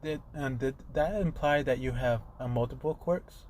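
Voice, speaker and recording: A man's voice: medium pitch, normal speed, a little mellow, slight background noise, natural voice. A man voicing a stern, caring adult male hero who questions a boy in a formal manner. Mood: questioning.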